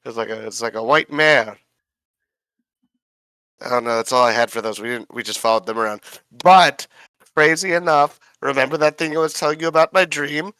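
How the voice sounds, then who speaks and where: A man with a bright, forceful voice rattles through a recap of his tabletop game session, swearing freely and stumbling over names. The sound is dry and close, with little room around it. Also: medium pitch, normal speed, smooth, no room sound. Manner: rambling, profane, fumbles names. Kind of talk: casual in-character recap.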